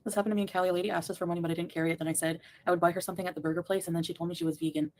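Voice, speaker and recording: A woman's voice: fairly low pitch, steady tone, very fast, a little mellow. A woman on a live stream chatting casually, rambling and reading chat messages aloud. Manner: rambling, reads chat aloud, laughs often.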